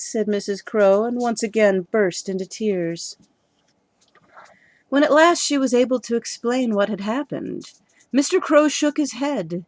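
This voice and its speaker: A woman reading a children's storybook aloud, lively and expressive. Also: mid-range voice, a little slow, no echo.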